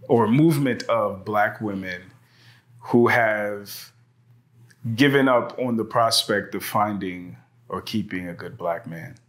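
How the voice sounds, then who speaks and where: A man's voice: fairly low pitch, unhurried. A man hosting a casual conversational interview, laid-back and reassuring, speaking on a lapel mic in a studio. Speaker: podcast host. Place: indoor studio with white background.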